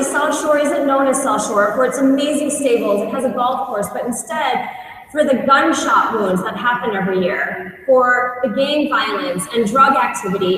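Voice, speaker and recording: A woman teacher giving a conference talk, telling stories in an earnest, animated way. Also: high-pitched. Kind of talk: storytelling presentation. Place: large conference hall. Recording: echoey hall, voice from far off.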